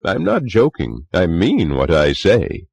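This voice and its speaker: A man's voice: low voice, huge pitch swings, slow pace, vocal fry, darkish tone, slightly rough, dry recording, pitched above the performer's own voice, full character voice. A man reading a story voices a middle-aged clubman who earnestly and wryly tells of a ghost he met. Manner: musing, confiding, wry. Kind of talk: audiobook character reading.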